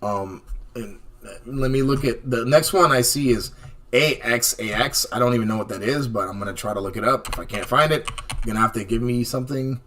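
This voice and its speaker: A man hosting a live trading stream, talking through stock charts in a casual, animated way and often checking in with "okay?" and "right?". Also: mid-range voice, brisk. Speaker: stock chart analyst host.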